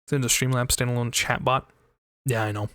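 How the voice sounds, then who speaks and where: A man's voice: medium pitch, steady tone, brisk, bright, forceful tone, dry recording, studio quality. A young man giving joking, rambling gameplay commentary as a streamer, swearing freely. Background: game music.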